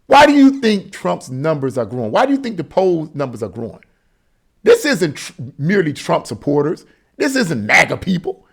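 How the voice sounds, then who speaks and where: A man's voice: on the high side, huge pitch swings, moderate pace, gravelly, breathy edge. A man giving an emphatic, repetitive opinion monologue as a political commentator.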